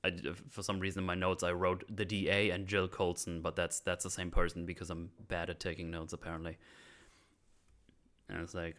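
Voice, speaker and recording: Fairly quick and low-pitched, with a flat delivery and a fairly bright tone, a man casually walks his podcast listeners through a film scene by scene. He rambles, restarts often, leans on fillers, and jokes at his own expense.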